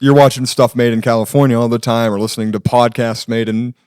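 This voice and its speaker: Guy, filmmaker guest, talks super fast and offhand, dry close mic. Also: mid-range voice, fairly even intonation, darkish tone, clean tone, dry recording. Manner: quick, offhand talker. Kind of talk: casual chat.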